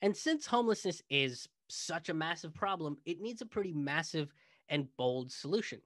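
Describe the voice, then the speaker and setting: Male comedian host, sarcastic monologue, fairly high pitch, dry booth-like sound. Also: lively intonation, normal speed, a bit bright, no room sound. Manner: sarcastic, mocking.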